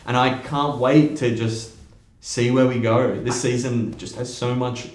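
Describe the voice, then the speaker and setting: Steady podcast host man, echoey room. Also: mid-range voice, unhurried. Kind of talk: casual podcast chat.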